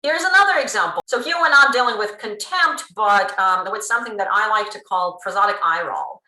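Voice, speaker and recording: A woman giving a pre-recorded linguistics lecture, explaining in a lively way with frequent ums. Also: mid-range voice, brisk. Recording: roomy room sound.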